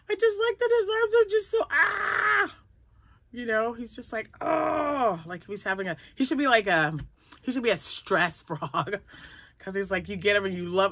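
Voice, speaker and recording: A woman's voice: mid-range voice, fairly bright tone, no room sound. An older woman chatting casually at home about her crochet projects, rambling and laughing often. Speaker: crochet vlogger. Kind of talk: casual chat.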